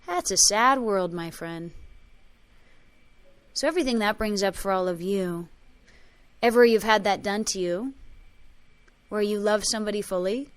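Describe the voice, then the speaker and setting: A woman leading a spiritual workshop, telling emotional personal stories with quoted dialogue and chanting a repeated clearing phrase. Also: medium pitch. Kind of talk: talk to a group.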